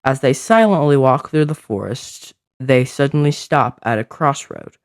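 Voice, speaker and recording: A man's voice: medium pitch, animated, moderate pace, vocal fry, no room sound, clean studio sound. A man narrating a fantasy adventure story, describing scenes with small slips.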